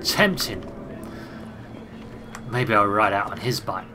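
A man's voice: fairly low pitch, expressive, slow pace, noisy background. A British man giving casual let's-play commentary, chatting and thinking aloud as he plays and reading game text aloud. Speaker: gaming channel host.

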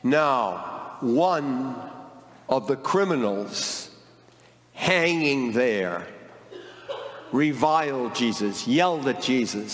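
A priest leading a mass, explaining the gospel slowly and gently to children. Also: male voice, medium pitch, expressive. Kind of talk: mass with gospel reading and teaching. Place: church. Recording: long church reverb with music.

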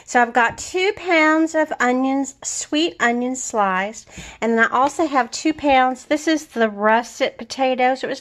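Chatty woman in an echoey kitchen. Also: fairly high pitch. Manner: chatty, laughs often, drawls some words. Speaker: home brewing vlogger. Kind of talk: casual kitchen how-to chat. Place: home kitchen.

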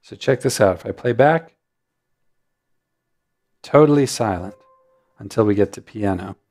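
A man hosting a music notation software tutorial, explaining settings in a relaxed way with frequent ums. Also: lowish voice, unhurried. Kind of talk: screen-recorded software tutorial.

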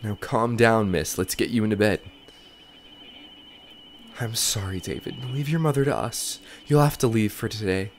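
A man's voice: fairly low pitch, normal speed, slight background noise, lightly acted. A man voicing a stern care home worker in a game, firm and commanding.

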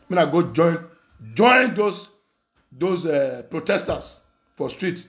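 A man's voice: on the high side, expressive, a little slow. A young Nigerian man speaking Nigerian Pidgin English, ranting angrily with insults, mocking laughter and repeated phrases. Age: young adult. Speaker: online commentator. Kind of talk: angry rant.

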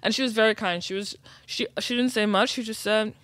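Woman guest, thoughtful and earnest, mid pitch, dry close mic. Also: fairly even intonation, fairly quick, a bit bright, dry recording. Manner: reflective, earnest, many "like" fillers. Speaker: guest, writer and educator. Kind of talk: casual chat.

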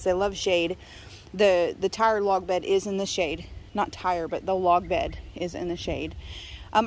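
A woman giving a casual garden-tour vlog outdoors, chatty and enthusiastic as she lists her plants. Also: medium pitch. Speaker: gardening vlogger. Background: faint wind and outdoor noise.

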